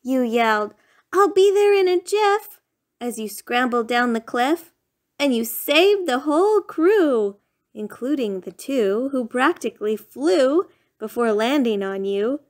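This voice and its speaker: A woman reads a rhyming picture book aloud at an unhurried pace in a voice that sits a little high. Her delivery is a lilting, sing-song bedtime style throughout, lively and punctuated by playful raised shouts.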